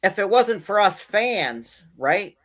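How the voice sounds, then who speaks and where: A man's voice: high-pitched, very animated, takes it slowly, fairly bright tone. A male host steering a casual chat, reacting with short "wow"s and handing off to his co-hosts.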